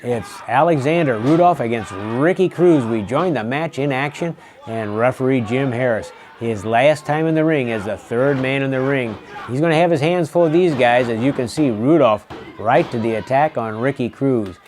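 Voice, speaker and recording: A man's voice: mid-range voice, moderate pace, a little mellow. A man calls a wrestling match play-by-play, folksy and chatty. He drifts into fond reminiscing between the holds. Faint noise sits behind his voice. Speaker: wrestling show host and play-by-play commentator.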